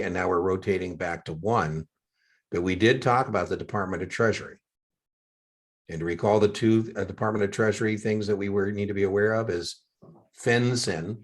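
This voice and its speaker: An older man tutoring one student over a video call for an exam, chatty with joking asides. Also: sits low.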